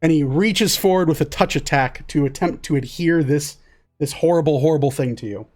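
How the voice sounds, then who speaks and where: A woman narrating as the game master of a tabletop game, describing scenes calmly and in detail. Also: low voice, fairly quick.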